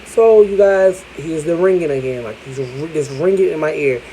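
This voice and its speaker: Brief: candid storytelling vlogger, middle pitch, mellow, swears casually. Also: moderate pace, slight background noise, rough recording. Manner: candid, chatty, profane.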